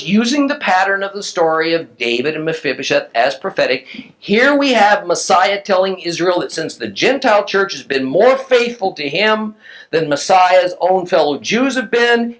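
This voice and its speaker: A man's voice: sits high, fairly bright tone, low-quality recording. A man teaching a recorded Bible class who reads scripture aloud and explains it emphatically to his listeners.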